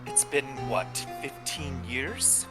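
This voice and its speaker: A brooding villain out for revenge, read aloud by a man in a casual game session, savoring each word in slow, menacing lines. The voice sits in a middle pitch. Music plays clearly in the background. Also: expressive. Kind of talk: reading game dialogue aloud.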